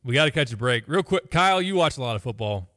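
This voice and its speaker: A man's voice: mid-range voice, expressive, quick pace, a bit bright, no room sound. A man co-hosting a sports radio show, talking football in long analytical runs and making dry jokes. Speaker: radio co-host. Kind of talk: casual sports radio chat.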